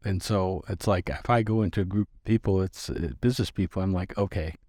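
Man, 60s, podcast guest; low, dry, rambling self-deprecating storyteller. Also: steady tone, a little fast, warm tone, no echo. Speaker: podcast guest, business founder. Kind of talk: casual storytelling interview.

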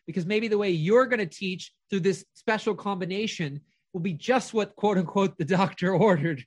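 A husky, darkish, high-pitched voice belongs to a middle-aged man coaching a caller at normal speed. The motivational call has no echo, and he speaks in firm, earnest, affirming statements.

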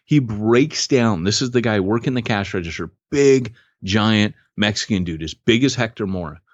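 A man with a low voice tells a story on a podcast, his pitch leaping all over as he gets carried away. He talks casually and excitably. The sound is dull and dry, with no room around it. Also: normal speed, dry recording. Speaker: podcast co-host.

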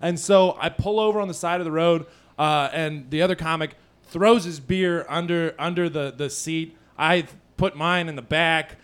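A man's voice: a little high, fairly even intonation, moderate pace, a bit bright, smooth. A man hosting a casual podcast, telling stories with frequent laughs and acted-out voices. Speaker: podcast host and comedian. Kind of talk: casual chat.

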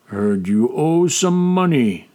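Man doing a big quiet sailor, slow low rumble, menacing. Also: animated. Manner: slow rumbling few words. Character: burly taciturn male sailor, slow and menacing.

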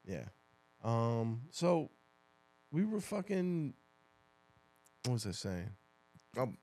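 A man co-hosting a podcast, chatting casually, telling an animated story with lots of swearing and impressions of others. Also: mid-range voice, extremely slow. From New Jersey. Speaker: podcast co-host. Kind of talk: casual chat. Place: podcast studio.

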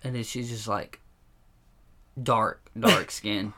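A man's voice: fairly low pitch, fairly even intonation, slow pace, pushed and bright. A young man, a pro fighter, chatting casually, telling loose stories and swearing, laughing often. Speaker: guest, pro kickboxer. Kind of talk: casual podcast chat.

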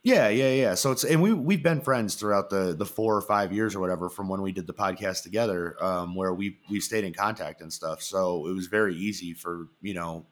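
A man's voice: deep voice, brisk, few pauses. A man hosting a podcast, chatting casually and rambling through stories with lots of fillers and restarts. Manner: rambling storyteller, many fillers and restarts, acts out quotes. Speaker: podcast host. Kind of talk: casual chat.

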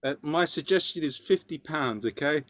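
A man's voice: fairly high pitch, expressive, normal speed, fairly bright tone, no echo. A man from London with a London accent, hosting a podcast in a jokey way with frequent laughs. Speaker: podcast host. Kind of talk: casual chat.

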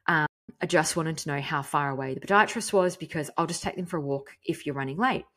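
A woman, a mother telling a story in a frank, chatty, animated way. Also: low-pitched, quick pace. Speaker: podcast host. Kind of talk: casual storytelling monologue.

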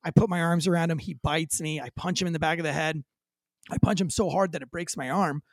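A man, a former police officer, telling a dramatic story with high energy as an interview guest, acting out quoted lines. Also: fairly even intonation, brisk, no echo.

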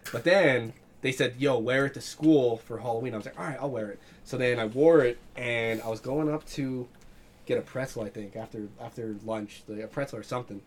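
A man's voice: medium pitch, a little fast, a little hiss or hum. A young man hosting a casual podcast, telling crude stories with lots of swearing and laughter. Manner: laughing, profane storytelling.

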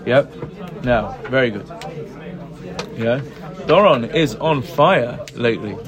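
A man's voice: medium pitch, lively intonation, slow pace. A man teaching a text study class, reading short passages aloud and explaining them in casual English with constant "right? yeah?" checks to his students. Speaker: Talmud teacher. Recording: room with group chatter heard.

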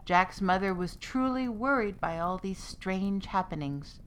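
A woman narrates a folk tale in a steady, expressive way. She reads it as a scripted podcast story. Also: medium pitch, measured pace, few pauses, smooth.

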